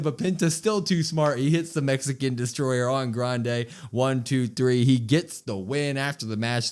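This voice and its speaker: Animated man recapping wrestling. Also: mid-range voice, clean tone. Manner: animated recapping, acts out quotes. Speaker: podcast co-host. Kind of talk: casual wrestling review chat.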